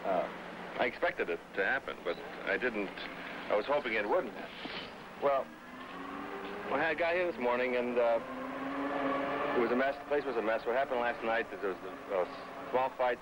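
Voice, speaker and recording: A man giving a subdued, halting account with many pauses and fillers. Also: lowish voice. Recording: loud hiss on old field recording.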